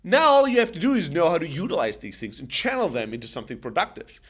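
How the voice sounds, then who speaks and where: High-voiced energetic man giving sales advice. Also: quick pace, breathy edge. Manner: energetic, emphatic, plain-spoken. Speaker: sales company host. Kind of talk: direct-to-camera sales advice.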